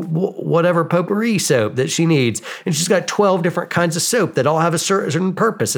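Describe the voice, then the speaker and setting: A man in his forties, a podcast guest, casually telling self-mocking stories and acting out both sides of the exchanges. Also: fairly high pitch. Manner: animated, self-mocking, acts out quoted exchanges. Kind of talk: casual storytelling interview.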